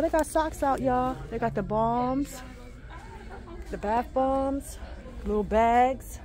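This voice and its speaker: A woman filming a casual shopping vlog in a home goods store, gushing and excitable as she talks to her viewers. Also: fairly high pitch. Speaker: vlogger.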